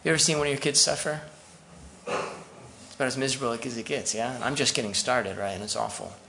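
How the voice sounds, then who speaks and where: A man's voice: mid-range voice, steady tone, brisk, gravelly, sharp tone, a little hiss or hum. A man preaching a sermon as pastor, conversational and full of asides to the congregation.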